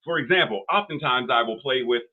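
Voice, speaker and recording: A man's voice: mid-range voice, expressive, a little fast. An older man delivering a sermon as minister, building rhythmic, repetitive phrases to rising emphasis. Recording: phone-like narrow band audio.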